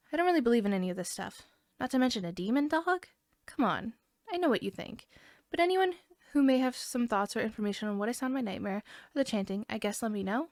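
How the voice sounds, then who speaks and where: A woman's voice: a little high, no room sound, studio quality. A young woman co-hosting a podcast, reading a scary online story aloud, giggling and restarting lines as she goes.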